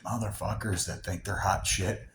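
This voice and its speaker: A man vlogs an angry, unscripted rant in a low, steady, fairly bright voice at normal speed, heated and profane, rambling with many restarts and occasionally dropping to a near whisper. The recording has a roomy echo and faint background noise.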